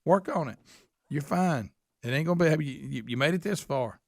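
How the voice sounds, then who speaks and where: A man rants on a talk-radio show in a slightly high voice. The sound is close and dry, with no room around it. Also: brisk, gravelly, no room sound. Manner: ranting, mocking quoted voices. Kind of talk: casual talk radio banter.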